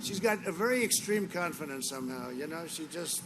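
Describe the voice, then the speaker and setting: A man's voice: a little high, a little fast. A man giving a political rally speech, repetitive, rambling and boastful, speaking to a crowd outdoors. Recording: outdoor rally with steady background noise.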